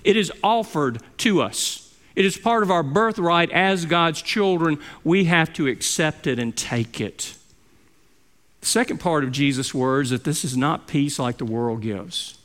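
A middle-aged man preaching a sermon as pastor, rising to loud emphasis and dropping to soft, hushed quotes. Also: on the high side, measured pace. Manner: expressive, with swings between loud emphasis and soft near-whispered quotes.

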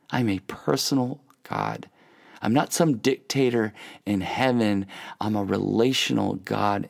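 A man giving an earnest, encouraging devotional sermon for a podcast, often dropping to soft, hushed asides. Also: mid-range voice, gravelly. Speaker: pastor.

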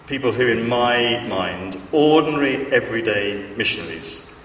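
A man's voice: mid-range voice, lively intonation, moderate pace, fairly bright tone, far from the mic, slight background noise. A man giving a chatty sermon full of stories, with a self-deprecating humor and plenty of fillers and restarts. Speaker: preacher. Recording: echoey hall, speaker off-mic.

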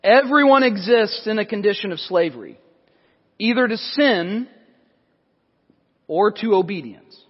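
A male pastor preaching an expository sermon in a church, his voice sitting high. He talks conversationally, restarting phrases and adding asides. The recording is dull and lingers in a long sanctuary reverb. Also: expressive, unhurried, pauses often.

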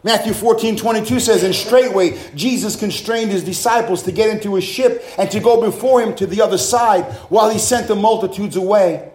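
A high-voiced male pastor delivers a fervent sermon at a brisk pace, his slightly mellow voice echoing through a large, reverberant room. He shouts hallelujahs between points and fires rhetorical questions at the congregation.

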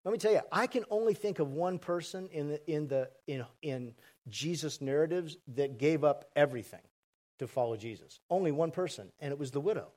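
A pastor preaching a sermon to a congregation, conversational and asking the audience questions. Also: male voice, fairly high pitch, fairly quick, darkish tone. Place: church hall with congregation. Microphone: handheld mic.

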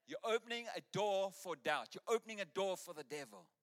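A man's voice: high-pitched, animated, brisk, fairly bright tone, voice pushed up. A man putting on a stern preacher friend with a put-on accent, telling him firmly not to doubt. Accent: put-on foreign accent. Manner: firm, insistent. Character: stern male preacher friend giving firm advice.

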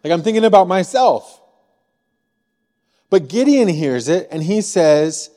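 A man from Missouri preaching a sermon as pastor, in a conversational way, often asking the room a quick "right?". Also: sits high, sing-song, dark tone, big-room sound. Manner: conversational, frequent rhetorical "right?". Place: church sanctuary.

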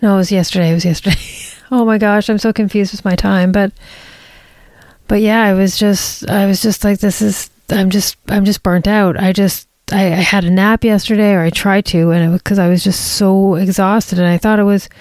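A woman hosts her podcast alone, thinking out loud in a candid, confiding way. She stops and restarts her sentences often and corrects herself mid-thought. Her voice sits at an ordinary middle pitch, recorded close and dry with no room sound. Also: steady tone, dry recording. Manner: rambling, halting, many restarts and self-corrections. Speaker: podcast host. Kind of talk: casual solo podcast monologue.

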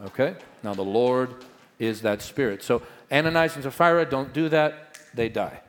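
A middle-aged male pastor preaching a sermon, swinging between loud proclamations and quiet asides. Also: mid-range voice, moderate pace, in a large hall.

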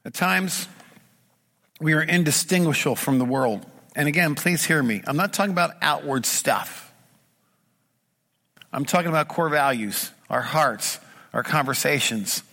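A middle-aged man preaches in a church, earnest and emphatic, stacking one repeated phrase on the next. His voice sits a bit high for a man and comes through bright and forceful. A long reverb trails his words through the sanctuary. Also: lively intonation, unhurried, long pauses. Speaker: pastor. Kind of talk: sermon.

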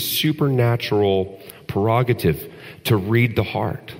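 A man's voice: low voice, measured pace, long reverb tail. A man preaching a sermon in an earnest style that builds to emphatic peaks. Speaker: pastor.

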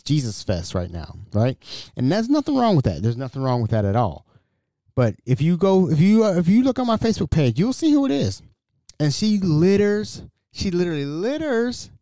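Guy doing his solo podcast, kinda high voice, super lively, dry close mic. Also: no room sound. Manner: animated, blunt, slangy storytelling. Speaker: podcast host.

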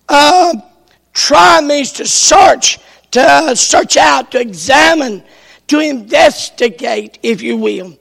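A man preaching a sermon at a slow, deliberate pace, his voice pitched unusually high and gravelly. He is clearly strained and coughing now and then, yet he hammers the same refrain and builds to shouts. The sound hangs in a long church reverb. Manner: emphatic, repeats his refrain, rises to shouts. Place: church sanctuary.

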